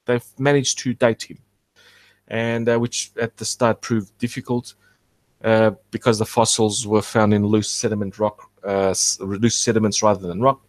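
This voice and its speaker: A man with a fairly low voice walks through fossil details in casual commentary. He talks in a rambling, halting way and keeps correcting himself mid-phrase. The recording is dry, with no room sound. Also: flat delivery, no echo. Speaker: archaeology channel host.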